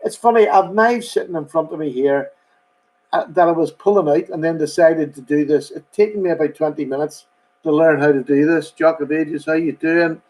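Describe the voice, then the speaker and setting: A man's voice: fairly high pitch, moderate pace, darkish tone, poor audio. A man hosting a casual live stream, rambling chattily and greeting viewers by name. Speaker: host.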